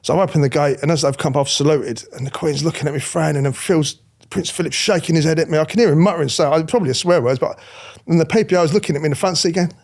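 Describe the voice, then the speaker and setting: Man, middle-aged, ex-police, blunt, animated storyteller, high-ish voice. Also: racing. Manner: blunt, animated, swears freely, mimics others. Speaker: former royal protection officer. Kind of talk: candid storytelling interview.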